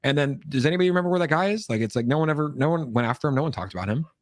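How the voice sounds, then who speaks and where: Fast-talking man hosting a live stream. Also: a little high, no echo, clean studio sound. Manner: fast, animated, frequent "like" fillers. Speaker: livestream host. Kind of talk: casual chat. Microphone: streaming mic with voice effects board.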